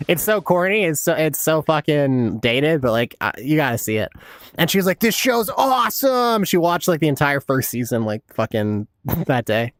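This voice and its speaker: A man's voice: medium pitch, animated, moderate pace, dry recording. A man in his thirties giving casual, laid-back gameplay commentary as a streamer, swearing a lot and laughing often. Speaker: game streamer.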